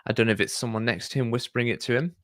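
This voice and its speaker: A man hosting a casual discussion, talking in a thoughtful, measured way with frequent fillers. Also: mid-range voice, fairly even intonation. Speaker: podcast host.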